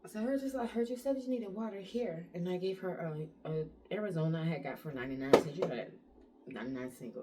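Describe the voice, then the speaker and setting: A woman's voice: fairly low pitch, fast, background noise. A woman from the United States telling a personal story in a casual vlog, acting out what people said and leaning on "like" as filler. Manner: animated retelling, acts out quotes, frequent "like" fillers.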